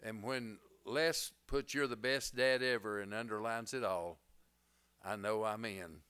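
A man's voice: lowish voice, steady tone, measured pace, bright, forceful tone, smooth. A middle-aged male pastor preaching a sermon, folksy and plainspoken, rising to emphatic bursts.

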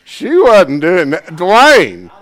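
A man teaching a Bible class in a folksy, plain-spoken way, swinging from hushed asides to loud emphasis. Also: high-pitched, sing-song, drawn-out words, dry recording.

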